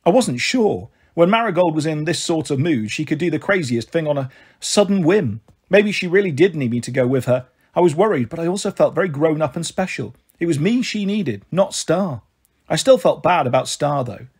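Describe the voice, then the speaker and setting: A man with a husky voice reading a children's novel aloud in a steady first-person narration. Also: on the high side, moderate pace. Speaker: storyteller. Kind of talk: storybook reading.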